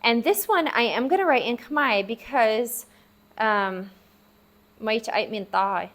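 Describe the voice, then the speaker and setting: Slow, patient woman teaching vocabulary. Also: on the high side, animated, fairly bright tone. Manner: slow, patient, sounds out syllables repeatedly. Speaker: language teacher. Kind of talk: casual spoken lesson. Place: at a table, writing for the viewer.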